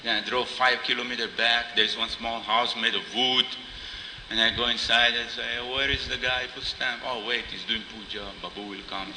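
Animated preacher man in echoey hall. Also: medium pitch. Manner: animated storyteller, acts out dialogue, laughs often. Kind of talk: informal spiritual talk with anecdotes. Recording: roomy hall echo, faint noise.

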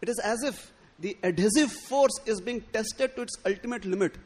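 A man giving a sermon, acting out the quoted lines with stammered restarts. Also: normal speed. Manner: expressive, acts out quoted lines with rising pitch and stammered restarts. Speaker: speaker giving a scriptural discourse.

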